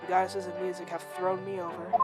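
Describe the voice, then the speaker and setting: A woman voicing a gloomy, theatrical male detective, speaking low, quiet and mournful. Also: flat delivery, fast talker, over loud music, lightly acted, rough recording.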